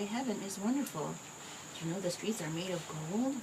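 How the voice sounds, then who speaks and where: A woman reading a picture book aloud to her child in a gentle, expressive way. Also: medium pitch, normal speed. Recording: home recording with clear background noise.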